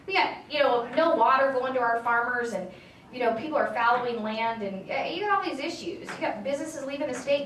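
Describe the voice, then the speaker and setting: A tired woman from California, a state assembly member telling an audience a lively story and acting out both sides of the dialogue. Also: sits high, fairly quick, slight background noise. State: tired from lack of sleep. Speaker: state assembly member speaking to a political group. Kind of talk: casual storytelling speech. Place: meeting hall with an audience. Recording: echoey room, speaker far from the mic.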